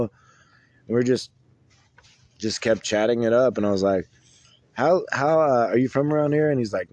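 A young man co-hosting a casual podcast, telling rambling stories with lots of halting restarts. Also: medium pitch, darkish tone, no echo, lo-fi sound. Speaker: podcast co-host. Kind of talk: casual chat.

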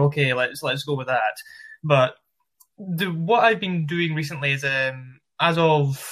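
A man from Scotland with a Glasgow accent, a podcast guest who explains his work as a mindset development practitioner in a measured, articulate way. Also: medium pitch, sharp tone, poor audio. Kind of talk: explaining in an interview.

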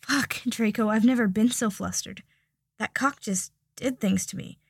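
Blunt young wizard voiced by a woman, hushed and gravelly, audiobook. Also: mid-range voice, a little slow, no room sound, clean studio sound. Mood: husky.

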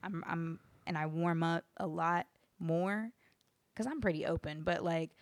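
A woman's voice: fairly low pitch, fairly even intonation, unhurried, dry recording. A woman guest musician in a casual interview, chatty and upbeat, talking in long loose runs with lots of fillers.

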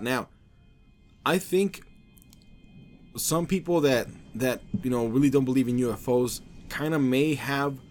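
A man's voice: mid-range voice, a little mellow. A man hosting a podcast, talking in a casual, rambling, offhand way with heavy swearing. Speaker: podcast host.

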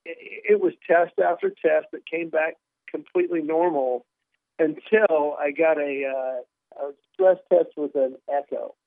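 Male comic guest, wry and lively storyteller, somewhat high voice, dry phone-line sound. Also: measured pace, creaky, no echo. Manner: animated, wry storyteller who plays out dialogue. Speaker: comedian guest. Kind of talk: conversational storytelling.

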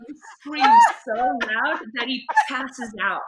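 A woman's voice: sits high, huge pitch swings, slow pace, very noisy. A woman in casual chat, telling a story animatedly, acting out voices and laughing often.

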